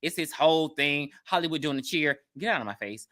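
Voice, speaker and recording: A woman's voice: low voice, animated, fairly quick, a bit bright. Wry, chatty podcast co-host, woman. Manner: chatty, wry asides, laughs often. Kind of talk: casual movie recap chat.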